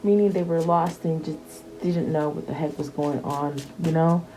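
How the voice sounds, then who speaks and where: A woman's voice: low-pitched, steady tone, normal speed, low-quality recording. A woman giving a casual tarot reading, chatty and repeating her questions to the cards, with many fillers and restarts. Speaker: tarot reader.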